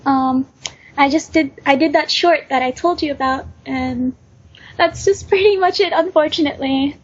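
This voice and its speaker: Teen girl interviewee, high and unsure, on a dull lo-fi podcast line. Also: normal speed. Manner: hesitant, lots of ums. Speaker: guest, aspiring voice actor. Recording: dull lo-fi recording.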